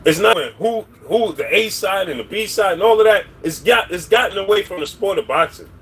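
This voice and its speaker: Man, high-pitched, husky, rambling livestream commentary, shouting out viewers. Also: a little fast. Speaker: boxing commentary livestream host.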